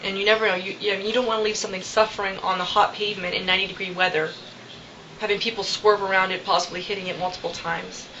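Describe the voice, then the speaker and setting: Young woman vlogger, casual storytelling, bright and chatty, with a faint hiss on dull lo-fi home audio. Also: mid-range voice, quick pace. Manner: chatty, animated, many fillers and quoted asides.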